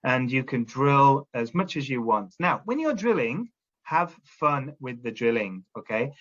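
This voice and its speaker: A man's voice: mid-range voice, big pitch swings, unhurried, a bit bright. Man explaining teaching tips, muffled audio. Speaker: teacher trainer. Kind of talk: instructional talk to teachers.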